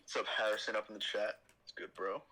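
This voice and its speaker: A man's voice: on the low side, fairly even intonation, fast talker, bright, forceful tone, poor audio. A young man hosting a casual livestream, joking with friends and reading a script aloud. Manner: joking, reads a script aloud with ham delivery. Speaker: livestream host.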